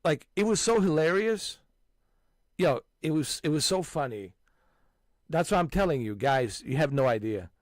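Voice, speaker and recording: A man hosting a gaming channel, loudly swapping stories with friends and breaking into frequent laughter and exclamations. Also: a little high, animated, normal speed, no room sound, studio quality. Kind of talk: casual chat with friends.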